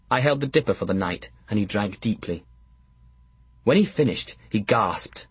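A man narrating an audiobook in a measured, first-person storytelling manner. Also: medium pitch, breathy edge, no room sound.

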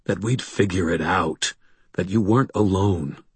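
Brief: a sarcastic, brooding vampire man with a deep, husky voice, read by a man. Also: unhurried, no room sound, full character voice. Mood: tender. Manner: steady, then cutting and sarcastic. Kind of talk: audiobook dialogue.

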